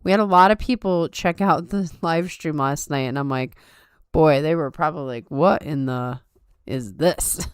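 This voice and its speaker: A tired woman chats on a late-night live stream, upbeat and loose, reading out viewers' comments. Her voice is low and smooth. It is recorded close and dry. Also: fairly even intonation, normal speed, no room sound. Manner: chatty, upbeat, reads chat aloud. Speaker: podcast host. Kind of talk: casual live-stream chat.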